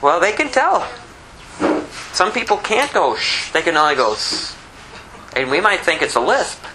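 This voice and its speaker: In a slightly high, sing-song voice at a measured pace, a pastor reads scripture and explains each verse plainly and conversationally. He has a slight lisp that he acknowledges, and there's background noise.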